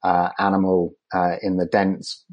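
A man, a conservation scientist, answering interview questions in a measured way with many ums and restarts. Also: sits low, level tone, highs cut off.

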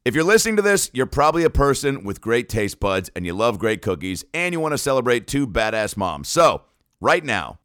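A man's voice: mid-range voice, fairly bright tone, no room sound. A male podcast host rattles through sponsor reads, joking and correcting himself as he goes. His voice swings widely up and down, and the sound is dry and close with no room around it. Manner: playful, riffing, quick self-corrections. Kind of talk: reading ads with jokey asides.

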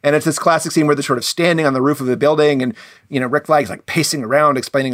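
A man's voice: fairly high pitch, fairly even intonation, quick pace, a bit bright, dry recording. Chatty man with a dry close sound. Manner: chatty, many fillers and restarts. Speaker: podcast co-host. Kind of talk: casual film discussion.

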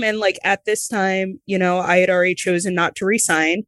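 A woman, a former pro wrestler, telling her story candidly in an interview, lively and acting out the voices of the people she quotes. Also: lowish voice, moderate pace, few pauses, clean tone, dry recording. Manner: animated, acts out quoted voices, laughs between lines.

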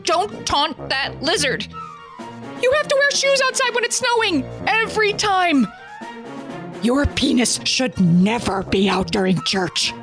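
A woman playing an exasperated mother who scolds and yells at her kids in a comedy sketch. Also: sing-song, unhurried, soft background music, full character voice. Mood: frantic. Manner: exasperated, scolding, shrill bursts. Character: frazzled mom yelling at her kids.

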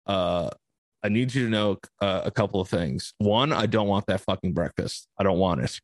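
A man on a podcast telling a story in casual chat, profane and animated, acting out the dialogue. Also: low-pitched, moderate pace, no echo. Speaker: podcast host.

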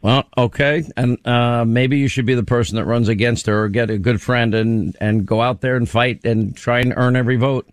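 A man hosting a talk radio show, chatting casually with a co-host and taking calls, quick to laugh. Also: mid-range voice, steady tone, dry recording. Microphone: studio microphone.

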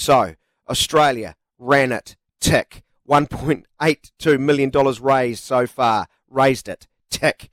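Chatty New radio host, dry studio sound. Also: male voice, mid-range voice, slow pace, fairly bright tone, dry recording. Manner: chatty, reads quotes aloud, jokey. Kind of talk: casual sports radio chat.

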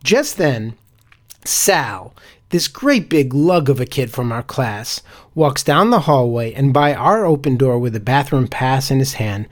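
A man who is a teacher, telling a personal story in a theatrical, vivid way. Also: mid-range voice.

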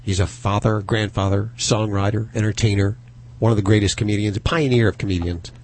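A man's voice: lowish voice, steady tone, a little fast, darkish tone. A man hosting a radio show, bantering in an upbeat, joking way. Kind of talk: casual studio banter.

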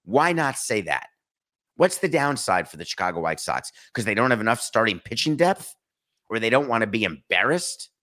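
Man, sports commentary host, emphatic, sarcastic, low-pitched, bright forceful tone. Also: sing-song, normal speed. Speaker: sports talk show host. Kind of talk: opinionated commentary monologue.

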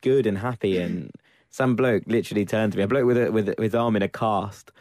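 A man on a football podcast panel, telling animated stories and acting out what people said. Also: on the low side, brisk, no room sound, studio quality. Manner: animated storyteller, laughing, acts out quotes. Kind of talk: casual football podcast chat.

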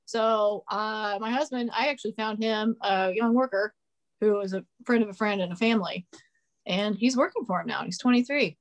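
A woman's voice: mid-range voice, moderate pace. A woman guest on a podcast, talking casually, blunt, sarcastic and opinionated.

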